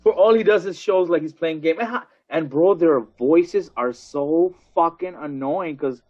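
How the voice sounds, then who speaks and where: A man's voice: on the high side, unhurried. A man co-hosting a podcast who laughs often and hesitates with many fillers in casual chat. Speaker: podcast co-host. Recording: dull lo-fi sound.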